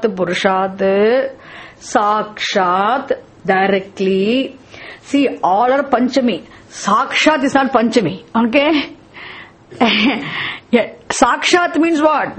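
Husky, fairly high woman teacher; patient scripture lesson, asks questions and repeats key terms.

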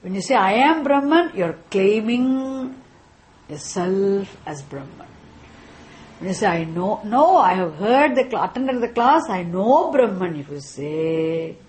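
A woman teaching a class on scripture, speaking deliberately and often checking in with "isn't it?". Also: mid-range voice, big pitch swings, a little mellow, slight background noise. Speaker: Vedanta teacher.

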